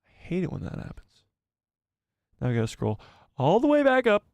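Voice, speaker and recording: A man's voice: sits high, wildly swooping pitch, moderate pace, a little mellow, no room sound. A man hosting a casual live stream, reading out viewer messages and chatting back to them by name, laughing often, on a headset mic.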